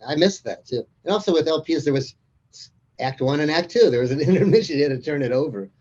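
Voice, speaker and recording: A man's voice: a little high, animated, fast, darkish tone, breathy edge, dull audio. A man as an interview guest, chatting casually and rambling through anecdotes with frequent chuckles. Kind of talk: casual conversation.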